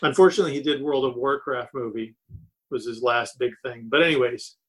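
Male comics creator, casual podcast chat, mid-range pitch, halting with many fillers. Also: a bit bright, husky, rough recording. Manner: chatty, halting with fillers and restarts.

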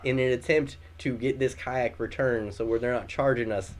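Animated young man telling a story. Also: medium pitch, moderate pace, slight background noise. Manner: animated storyteller, acts out quotes loudly. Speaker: podcast host. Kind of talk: casual storytelling chat.

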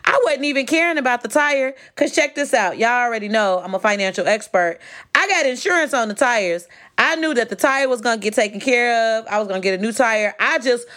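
A woman's voice: fairly high pitch, a little fast. A woman from Chicago hosting her own podcast, talking casually and animatedly to her listeners. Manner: chatty and animated, addressing listeners as "y'all". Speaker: podcast host. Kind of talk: casual solo podcast talk. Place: home.

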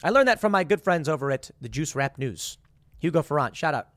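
A man giving a heated commentary monologue, his voice riding up and down as he acts out little scenes with sarcastic quoted voices. He sits fairly high for a man and sounds close and dry on the mic. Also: expressive, fairly quick, fairly bright tone, no echo. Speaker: political commentator. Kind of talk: opinionated monologue.

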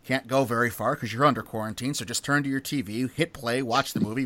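A man's voice: mid-range voice, fairly quick, few pauses, a bit bright, dry recording. A man co-hosting a casual podcast, joking and poking fun at himself. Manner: jokey, self-mocking. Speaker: podcast co-host.

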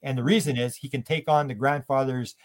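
A man's voice: medium pitch, steady tone, a little fast. An older man from Canada, a guest in a conversational interview, telling stories animatedly and acting out the voices of the people he quotes.

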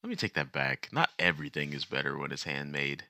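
A man's voice: very deep voice, sing-song, a little fast, bright, forceful tone, no room sound, clean studio sound. A man co-hosting a podcast, joking and teasing in casual chat. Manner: playful, teasing banter. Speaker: podcast co-host.

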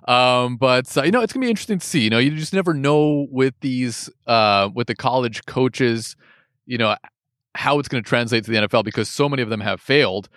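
Male co-host, mid-pitched, easygoing, hesitant delivery, dry close mic. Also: fairly quick, fairly bright tone, dry recording. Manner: laid-back, hesitant, frequent laughs and fillers. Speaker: podcast co-host. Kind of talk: casual sports chat.

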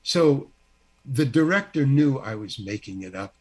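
An older man, an actor guest, telling an anecdote in an animated, self-deprecating way and acting out the dialogue. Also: mid-range voice, unhurried, breathy edge. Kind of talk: anecdotal storytelling.

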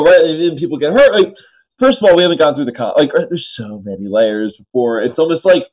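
A man co-hosts a casual sports talk show in a slightly high, expressive voice with a darkish tone, talking a little fast over poor audio. He jokes and pokes fun at himself, his voice cracking again and again.

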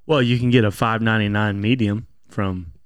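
A man's voice: fairly low pitch, fairly even intonation, moderate pace, clear, resonant tone, no room sound, studio quality. Blunt, swearing man on a podcast. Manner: blunt, swears freely, rants in bursts. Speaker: podcast co-host. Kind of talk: casual chat.

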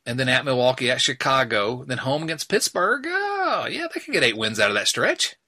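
Bright, joking male podcast host. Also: medium pitch, big pitch swings, a little fast. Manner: joking, laughs at himself, rambling asides. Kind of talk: casual sports podcast chat.

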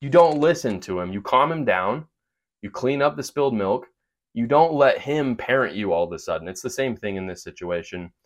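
A man hosting a podcast, speaking earnest, opinionated commentary with quick asides and fillers. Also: medium pitch, expressive. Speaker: podcast host. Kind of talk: opinion monologue with sponsor read.

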